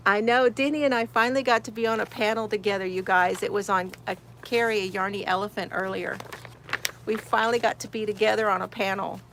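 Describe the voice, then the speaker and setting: A woman's voice: mid-range voice, steady tone, brisk, a bit bright, a little hiss or hum. A woman hosting a casual crochet livestream from her she shed, greeting viewers by name, reading chat comments aloud and laughing often. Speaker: crochet channel host.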